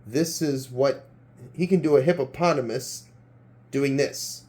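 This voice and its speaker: A man's voice: medium pitch, measured pace, long pauses, warm tone. A man hosting a homemade quiz show role-play, reading clues with hesitant hums and restarts. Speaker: game show host.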